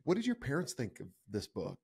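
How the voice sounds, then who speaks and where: A man hosting a podcast interview, asking thoughtful, halting questions with many restarts. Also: mid-range voice, wildly swooping pitch, creaky, breathy edge. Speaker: podcast host. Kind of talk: interview conversation.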